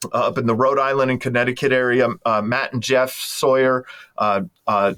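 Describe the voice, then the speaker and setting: A man's voice: medium pitch, flat delivery, normal speed, a bit bright. A man hosting a podcast, talking in a rambling, enthusiastic way full of restarts. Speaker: podcast host. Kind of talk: casual interview chat.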